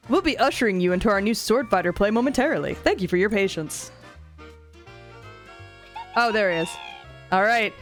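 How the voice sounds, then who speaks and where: A woman's voice: medium pitch, moderate pace, long pauses. Giggly, foul-mouthed woman streaming a game. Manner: animated, giggly, swears a lot, reads dialogue aloud. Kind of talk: casual let's-play commentary. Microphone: desk mic with webcam. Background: faint game music.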